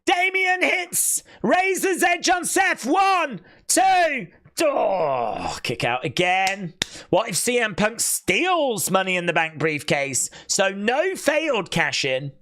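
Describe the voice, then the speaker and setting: A host giving live reaction commentary on a wrestling event, chatty with asides to viewers and bursting into shouts at big moments. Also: mid-range voice, big pitch swings, slow. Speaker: watch-along stream host.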